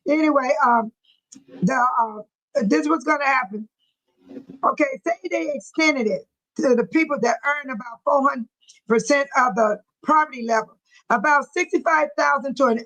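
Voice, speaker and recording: A woman hosts a livestream chat, reading viewer comments aloud in a folksy, churchy manner and frequently laughing. Her voice sits high with a fairly bright tone, and the recording is rough.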